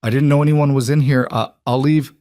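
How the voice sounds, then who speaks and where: A man's voice: medium pitch, steady tone, a little fast, warm tone, no echo, clean studio sound, pitched above the performer's own voice, natural voice. A man putting on a tearful, timid young woman. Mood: hurt, tearful. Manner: hesitant, stammering, whispery.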